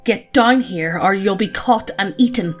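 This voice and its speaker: A woman voicing a sly male forest monster with a rough, rasping voice and slow, old-fashioned formal speech. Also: medium pitch, soft background music, lightly acted. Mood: menacing.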